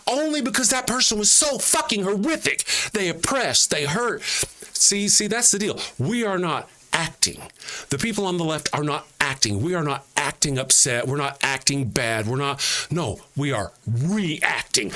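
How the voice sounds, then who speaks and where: Casting note: fired-up man in a solo political rant, bright forceful voice, swooping, lively pitch, crude and emphatic. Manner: heated, profane, repetitive, emphatic; mocking quoted voices dropped low. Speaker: political commentator. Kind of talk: angry political rant to camera.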